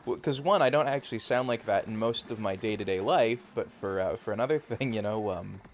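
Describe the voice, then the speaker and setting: His voice sits lowish and runs a little fast, with slight background noise behind it. He's a Canadian-accented streamer from rural Canada, hosting a live game from home and rambling through casual chat stuffed with fillers while he plays.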